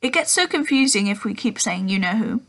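Dumbledore, a calm old wizard read by a woman. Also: a little high, brisk. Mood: gentle. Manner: gentle, calm, teasing. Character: old kindly male wizard headmaster, calm and playful.

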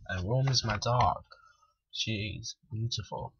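A man's voice: mid-range voice, slow pace, pauses often, fairly bright tone, husky, dry recording. A man at home rambling casually through gameplay commentary with mumbled asides. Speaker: gamer. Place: at home with pets. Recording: dull lo-fi with faint music.

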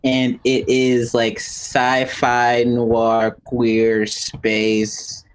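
A man's voice: mid-range voice, completely flat delivery, very slow, smooth, poor audio. A man chatting casually as a guest musician, laid-back, laughing often and swearing casually. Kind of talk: casual chat.

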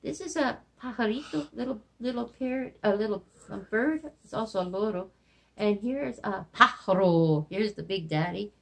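A woman teaching Spanish words to kindergartners in gentle, slow teacher talk, mixing Spanish into her English. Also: medium pitch, vocal fry. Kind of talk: children's lesson with songs.

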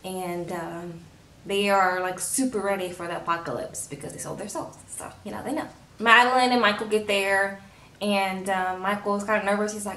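A woman's voice: medium pitch, fairly even intonation, normal speed, a bit bright, far from the mic, slight background noise. A woman recapping a TV episode in a casual, chatty way, acting out the characters' lines as she goes. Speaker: TV episode reviewer. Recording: roomy echo, a bit off-mic.

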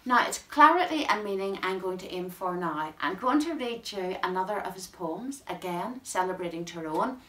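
A woman gives a talk from home, reading poetry aloud with measured, expressive, careful diction. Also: mid-range voice. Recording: roomy and distant from the mic.

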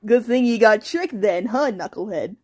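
A woman's voice: on the high side, expressive, moderate pace, slightly rough, dry recording, studio quality. A woman reading comic dub lines in a hammy way, laughing through them.

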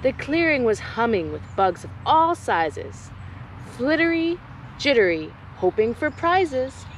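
A young adult woman, a nature educator, reading a rhyming picture book aloud to children at a slow pace. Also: on the high side, very animated, a little hiss or hum, low-quality recording.

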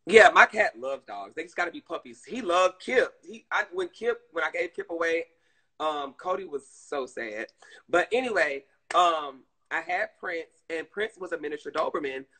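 Bright-voiced man chatting. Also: fairly high pitch, slightly rough. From Georgia, US. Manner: chatty, expressive storytelling. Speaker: live streamer. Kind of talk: casual live-stream chat.

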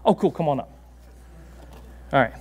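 A man preaching a sermon in a church, animated and laughing often, giving commands to a dog on stage. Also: fairly high pitch, normal speed, slightly rough. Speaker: pastor. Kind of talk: sermon with a live dog demonstration. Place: church sanctuary.

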